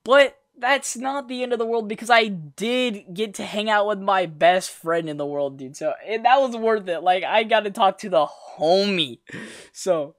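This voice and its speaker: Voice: mid-range voice, moderate pace, dry recording, studio quality. A young adult vlogger telling a school story in a rambling, slangy way, with self-corrections and sarcastic asides. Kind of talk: casual storytime monologue.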